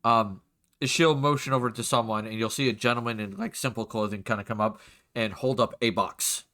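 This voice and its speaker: Bright-voiced male game master. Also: mid-range voice, steady tone, fairly quick. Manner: casual, chatty, with frequent fillers. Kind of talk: narrating a tabletop game.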